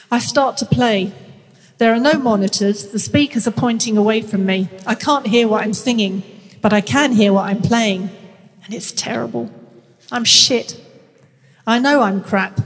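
A woman in her sixties with a nasal North London accent, a guest author chatting frankly and reading from her memoir in a self-mocking way. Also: a little high. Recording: long hall reverb.

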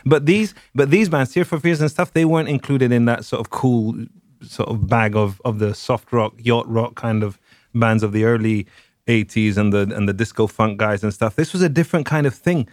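A man in casual podcast chat, mid-pitched, talking in long rambling runs. He sounds enthusiastic and keeps circling back on himself. The voice is dry and close to the mic. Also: normal speed, darkish tone, no echo. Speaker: podcast host.

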